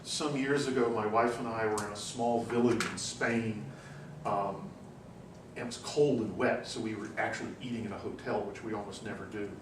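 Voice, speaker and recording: A man giving a university class lecture, telling anecdotes in an animated, chatty way with frequent "you know"s. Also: fairly low pitch, normal speed. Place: lecture room. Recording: roomy classroom, distant mic, faint hum.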